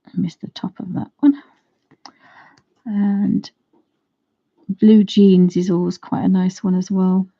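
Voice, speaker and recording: A woman's voice: mid-range voice, little pitch movement, slow, pauses often, highs cut off. A woman teaching watercolour on a casual live stream, chatting and thinking aloud to her viewers as she paints. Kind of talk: casual live craft demonstration.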